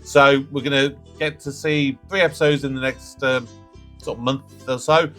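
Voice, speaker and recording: A man's voice: medium pitch, fairly even intonation, normal speed, faint music behind. A British man hosting a reaction video, chatting casually and restarting his sentences. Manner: chatty, restarting sentences, bursts into loud mock whooping. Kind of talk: casual commentary.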